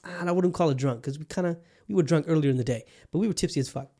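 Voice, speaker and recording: A man's voice: fairly high pitch, racing, mellow. A man in his thirties from Bangladesh, a podcast host telling a story in a casual, rambling way, swearing freely and leaning on fillers. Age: 30s. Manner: profane, rambling, frequent fillers.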